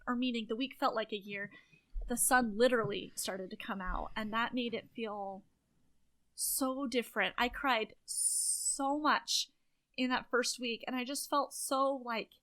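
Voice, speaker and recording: A woman's voice: a little high, a bit bright. A young woman co-hosting a podcast, chatting casually and emotionally, often laughing. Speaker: podcast co-host. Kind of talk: casual chat.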